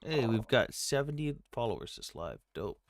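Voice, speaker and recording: A man hosting a livestream in casual chat, blunt and quick to swear. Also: mid-range voice, very animated. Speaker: livestream host.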